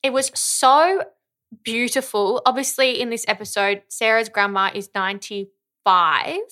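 A woman's voice: fairly high pitch, unhurried, pushed and bright. A young woman co-hosting a podcast in casual chat, bubbly and emotional, often laughing. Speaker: podcast co-host.

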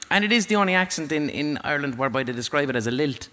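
A man's voice: fairly high pitch, lively intonation, racing, few pauses, sharp tone. A man hosting a podcast in casual chat, rambling, jokey and irreverent. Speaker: podcast host.

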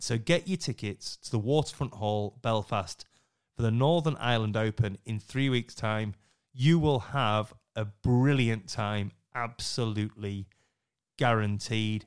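A middle-aged man, co-hosting a casual podcast, chatty and quick to laugh. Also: mid-range voice, clear, resonant tone. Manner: chatty, laughs easily, upbeat sign-off. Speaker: podcast co-host.

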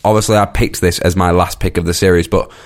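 Low-voiced man reviewing films. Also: quick pace. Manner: rambling, repeats words when excited. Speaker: podcast co-host. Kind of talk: casual film review chat.

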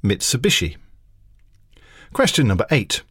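A man's voice: mid-range voice, huge pitch swings, unhurried, fairly bright tone, breathy edge, no room sound. A man co-hosting a comedy quiz podcast, trading dry, playful banter and reading out general knowledge questions. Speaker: podcast co-host, quizmaster.

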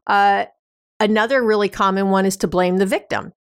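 A woman's voice: mid-range voice, fairly even intonation, normal speed, clear, resonant tone, dry recording, studio quality. A woman hosting an advice podcast, explaining in a casual, conversational way with everyday examples and frequent fillers. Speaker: podcast host.

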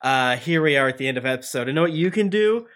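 A man's voice: mid-range voice, animated, fairly bright tone. A man hosting a game podcast, rambling and joking through an ad read and the outro. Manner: joking, rambling, quick bursts. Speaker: podcast host. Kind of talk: casual podcast chat and ad read.

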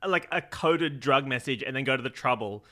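A man's voice: medium pitch, normal speed, bright, forceful tone. A man co-hosting a comedy podcast, playful and given to putting on voices. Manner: playful, bursts of put-on voices. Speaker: podcast co-host. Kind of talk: casual comedic chat.

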